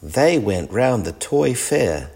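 A man reading a children's storybook aloud in a gentle, even storytelling manner. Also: lowish voice, takes it slowly, slight background noise. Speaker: storybook reader.

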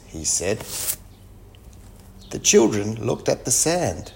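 A man reading a children's storybook aloud, slowly and clearly paced. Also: lowish voice, big pitch swings, darkish tone. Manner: slow, sing-song, clearly paced. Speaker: storybook reader.

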